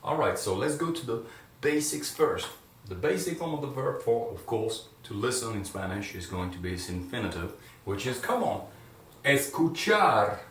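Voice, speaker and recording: A man teaching a video lesson, encouraging his viewers and loudly drilling words for them to repeat. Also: lowish voice, normal speed, slight background noise. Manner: encouraging, loud drilled repetitions. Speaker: Spanish teacher. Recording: echoey room, voice from a distance.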